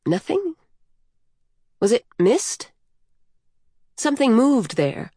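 A woman reading a novel aloud in measured, even storytelling. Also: medium pitch, no room sound, studio quality. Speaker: audiobook narrator. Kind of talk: scripted narration.

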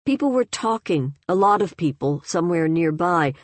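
A woman narrating a novel in a measured, even way. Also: on the low side, no echo. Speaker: audiobook narrator. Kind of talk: scripted narration.

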